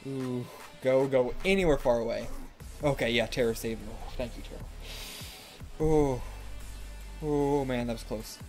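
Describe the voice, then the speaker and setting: A man hosting a casual manga reaction, excitable, swearing and shouting encouragement at the page. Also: mid-range voice, a little slow, pauses often, faint music behind. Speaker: anime reaction host.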